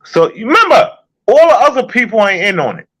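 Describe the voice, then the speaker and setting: Husky, animated man ranting in disbelief. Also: sits high, a little fast. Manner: heated, incredulous, swears a lot. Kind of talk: casual profane commentary.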